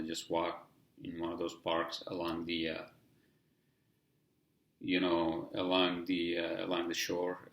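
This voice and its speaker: A man with a heavy accent talks through a casual solo podcast in a low, gravelly voice. He rambles and swears freely and leans on "you know" again and again. The sound is echoey, as if he is in a bare room. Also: a bit bright. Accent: heavy non-native English accent. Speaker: podcast host.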